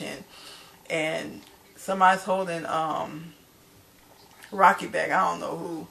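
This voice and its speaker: A woman's voice: sits low, fairly even intonation, slow, gravelly, pauses often, fairly bright tone, slight background noise. A woman casually recapping a TV episode to her viewers, chatty and loose, calling them y'all. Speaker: TV show recapper.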